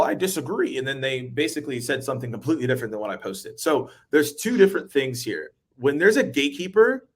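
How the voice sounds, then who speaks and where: A man's voice: medium pitch, a bit bright. A man hosting a webinar, explaining cold calling with energy, acting out calls and laughing often. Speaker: webinar host, sales trainer. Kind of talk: animated casual explanation.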